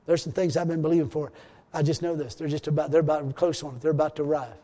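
A man's voice: fairly high pitch, fairly even intonation, quick pace, dark tone, long reverb tail. A man preaching a rambling, repetitive sermon in a church, full of hallelujahs. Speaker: pastor.

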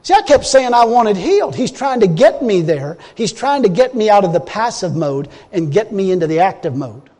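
A man with a high voice tells a personal faith story as a sermon. He talks in a plain, folksy way, jumping from loud, emphatic lines to low, groaning asides. The sound carries a long reverb, as in a large hall. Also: sing-song, moderate pace, few pauses. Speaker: preacher. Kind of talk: sermon testimony.

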